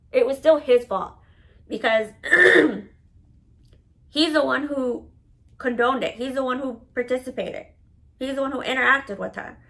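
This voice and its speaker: A woman telling a personal story to camera in a casual, candid, profane manner, animated and dramatic. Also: fairly high pitch, creaky, poor audio. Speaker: storytelling vlogger.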